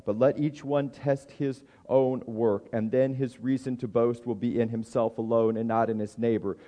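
A middle-aged man preaching a sermon, conversational and often restarting his words, acting out inner voices in a raised pitch. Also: fairly even intonation, normal speed, dark tone. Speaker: pastor.

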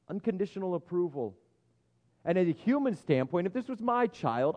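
A pastor preaching in a loose, joking way, his voice warm and mellow at an ordinary pitch. He keeps restarting his sentences as he talks. The recording sounds a little dull and lo-fi. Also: animated, fairly quick. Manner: conversational and humorous, with restarts. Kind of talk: sermon.

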